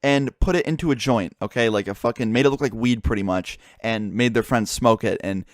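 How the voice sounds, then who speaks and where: A young man rattles through a story at a quick clip, in a voice of middling pitch that sits close and dry on the mic. He swears freely and slips into the voices of his friends as he retells it. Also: dry recording. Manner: swearing, animated retelling with quoted dialogue. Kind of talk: casual storytelling.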